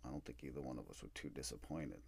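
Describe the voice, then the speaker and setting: A man hosting a podcast, telling a personal story in a candid, animated way and acting out what others said. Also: very deep voice, quick pace, gravelly, breathy edge. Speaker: podcast host. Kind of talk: storytelling monologue.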